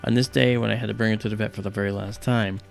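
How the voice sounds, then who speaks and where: A man hosting a live stargazing stream, telling rambling, animated stories with many fillers and pauses. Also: lowish voice, vocal fry, soft background music. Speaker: livestream host. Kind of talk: casual storytelling during a live stargazing stream.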